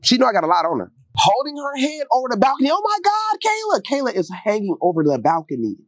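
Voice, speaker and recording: A man as an interview guest, telling a story in slangy, animated talk and acting out quotes in high voices. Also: fast, dry recording. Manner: gets loud and heated late in the telling.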